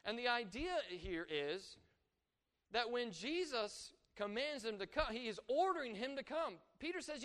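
A man delivers a sermon with a high, light voice. His delivery is animated, rising for emphasis and dropping low and quiet to drive a point home, and he slips into quoted voices as he teaches. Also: normal speed. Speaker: preacher.

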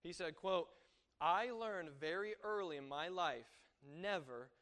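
Guy preaching a sermon, pretty high voice, gets loud then goes real quiet on the verses. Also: slow. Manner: conversational, shifts between loud exasperation and hushed quotes.

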